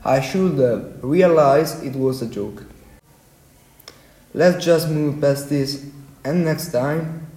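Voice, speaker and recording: A man playing a touchy young man who is quick to anger, in an amateur class radio play, reading his lines slowly and deliberately. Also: on the high side, mellow. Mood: conciliatory. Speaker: student actor. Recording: echoey room.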